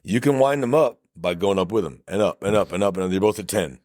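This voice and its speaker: Fast-talking Texan cop, dry mic. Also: male voice, on the low side, no echo. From South Texas. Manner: blunt, animated storytelling with quoted dialogue and swearing. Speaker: podcast co-host, police officer. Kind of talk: casual chat. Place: podcast studio.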